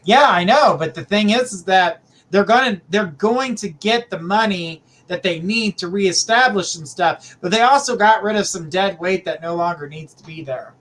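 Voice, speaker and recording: Speaking at a moderate pace with few pauses, this middle-aged livestream host has a high, slightly bright voice. He runs a psychic reading stream, chatting casually and affectionately with viewers and calling them honey and sweetheart.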